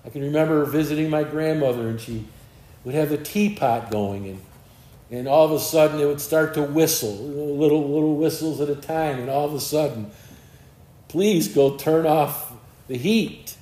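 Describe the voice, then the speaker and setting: An earnest male preacher delivers a sermon and repeats words as he gathers his thoughts. His voice sits a little high. The room around him has a clear echo. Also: fairly quick, warm tone. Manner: earnest, repeats words while searching for them.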